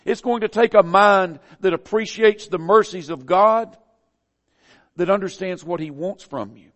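A high-voiced man with a Southern US accent delivers a sermon, folksy and conversational, lifting his phrases to emphatic peaks. His voice carries a long hall reverb. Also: measured pace, fairly bright tone. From American South. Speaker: preacher.

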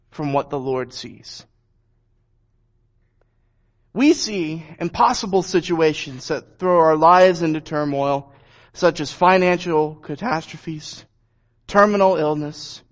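Brief: earnest male preacher reading and explaining scripture, high voice, dull lo-fi sound. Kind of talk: Bible reading and sermon. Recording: dull lo-fi recording.

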